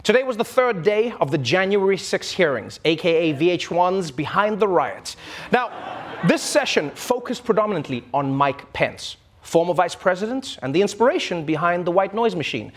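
A man's voice: sits high, moderate pace, a little hiss or hum. A man hosting a late-night show, delivering a comedy monologue with laughing asides. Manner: animated, laughing asides, mock-indignant.

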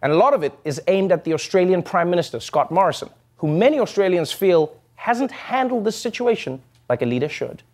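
High male comedy host, sarcastic monologue, slight background noise. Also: animated, brisk, few pauses, a little mellow. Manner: joking, sarcastic asides. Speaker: late-night comedy host. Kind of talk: comic monologue.

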